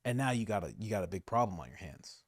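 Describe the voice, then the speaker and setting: A man giving casual political commentary, animated, laughing often and repeating his points for emphasis. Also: on the low side, fast, breathy edge, no room sound, clean studio sound.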